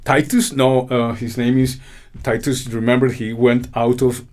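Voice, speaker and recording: A man's voice: medium pitch, level tone, a little slow. A man from Colombia, delivering an angry, indignant political monologue peppered with swearing. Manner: loud, indignant, swearing, with mocking laughs. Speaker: political commentary host.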